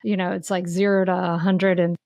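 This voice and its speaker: Animated woman guest, dry close sound. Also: on the low side, brisk, creaky, dry recording. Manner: animated, searching storyteller with many restarts. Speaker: guest, mindful parenting teacher. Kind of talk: conversational podcast interview.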